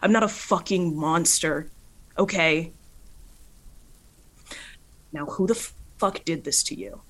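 Brief: woman playing fierce young female brawler, higher and louder than her narration, cursing, indignant. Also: animated, takes it slowly, slightly rough, heavily acted. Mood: furious.

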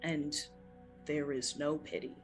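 A game master narrating a tabletop role-playing scene in an unhurried, filler-laden way. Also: mid-range voice, flat delivery, faint music behind, low-quality recording.

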